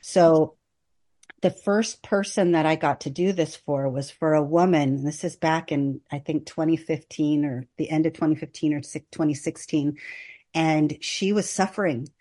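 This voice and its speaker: A woman hospice nurse speaking as a podcast guest, earnest and measured, partly reading aloud from her own book. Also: sits low, dark tone. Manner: earnest and measured, reads with long list-like pauses.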